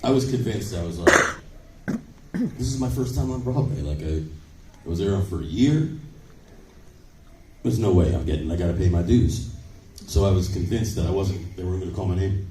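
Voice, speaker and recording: A middle-aged man telling stories as a guest on a convention panel, playful and quick to joke, recorded on a phone from far off in an echoey hall. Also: deep voice, warm tone, a little hiss or hum. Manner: playful, jokey, breaks into laughs and impressions. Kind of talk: animated panel storytelling. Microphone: phone in the audience.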